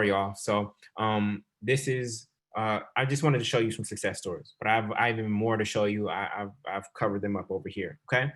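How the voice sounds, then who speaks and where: Fast-talking man with a low voice. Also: fairly bright tone. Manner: fast-talking, addresses audience as y'all. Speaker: real estate investing coach. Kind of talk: sales webinar presentation.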